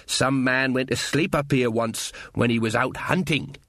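A man's voice: mid-range voice, unhurried, a bit bright, no room sound, studio quality. A man voicing a boozy, gossipy country villager who drawls his words. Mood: musing.

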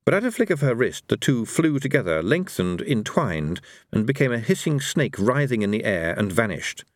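A man narrating an audiobook in a lively, expressive reading. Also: mid-range voice, moderate pace, dry recording.

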